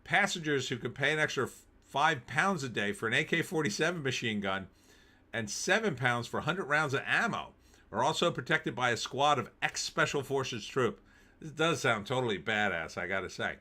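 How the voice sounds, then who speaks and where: A man's voice: medium pitch, expressive, normal speed, pushed and bright. A man hosting a live stream, reading news aloud and cracking wry, jokey asides with frequent laughs.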